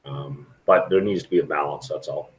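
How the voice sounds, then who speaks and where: A man's voice: rumbling low, moderate pace, poor audio. A middle-aged man chatting frankly and rambling to viewers on a live stream from a restaurant. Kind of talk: casual live stream chat.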